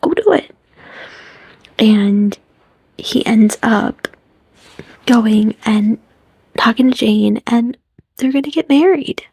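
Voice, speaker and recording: A young woman talks slowly through a movie she loves, her voice gravelly, mellow and a little husky. She gushes, slips into whispers and acts out the characters' lines. The sound is dry and close. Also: fairly high pitch, steady tone, dry recording. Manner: gushing, often drops into whispers, acts out quotes. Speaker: vlogger. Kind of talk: casual movie recap.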